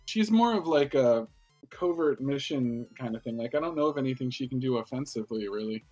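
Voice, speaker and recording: A man's voice: medium pitch, expressive, brisk, dark tone, soft background music. A man co-hosting a podcast, casually discussing an anime and skeptically teasing his partner. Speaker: podcast co-host.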